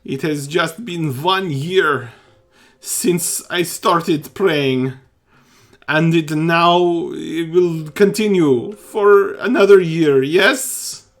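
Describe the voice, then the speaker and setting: A man voicing a desperate, grieving village priest who speaks hoarsely, close to sobbing, and keeps repeating himself. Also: on the high side, big pitch swings, voice pushed up, exaggerated voice. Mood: frantic. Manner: pleading, repeating himself, halting. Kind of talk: voicing a character in a tabletop game.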